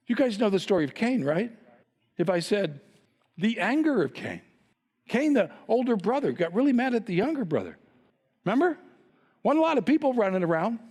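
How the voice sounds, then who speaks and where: A man's voice: high voice, a little mellow, long reverb tail. A male pastor preaching a sermon, teasing his congregation with playful rhetorical questions.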